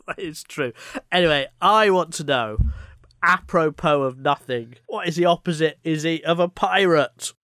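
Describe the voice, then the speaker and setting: A man co-hosting a comedy podcast, playful and quick to laugh in casual chat. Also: fairly high pitch, huge pitch swings, bright, forceful tone, dry recording, studio quality. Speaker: podcast co-host.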